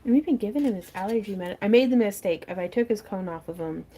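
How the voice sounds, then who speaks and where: A woman's voice: mid-range voice, animated, quick pace, mellow, husky. Chatty giggling woman hosting a craft stream. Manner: chatty, laughs often, reads viewer comments aloud. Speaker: craft livestream host. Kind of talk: casual chat while crafting. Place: home front porch. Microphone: close mic.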